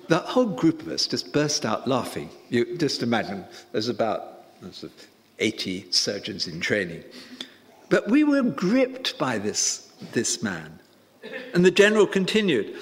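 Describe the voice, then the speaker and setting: Male preacher, emphatic and unhurried, pitch rising and falling widely, voice ringing in a reverberant hall. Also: wildly swooping pitch. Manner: emphatic and deliberate, with rising stresses. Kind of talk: sermon.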